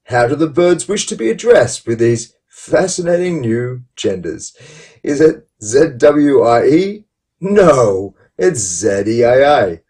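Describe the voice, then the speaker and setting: A man's voice: big pitch swings, takes it slowly, a little mellow, recorded from a distance. A man voicing a theatrical, mock-polite commenter, mocking with exaggerated politeness. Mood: sarcastic. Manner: exaggerated sarcastic politeness, rising high pitch.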